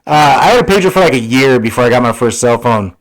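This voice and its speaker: A man in his forties co-hosts a podcast, rambling through casual chat loaded with fillers and swearing. His mid-range voice is expressive and quick, and the recording is rough.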